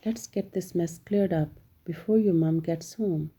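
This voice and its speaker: A woman's voice: fairly low pitch, a little slow, warm tone, slightly rough. A woman voicing a tired, grumbling father in a storybook read-aloud, with plain, groaning complaints.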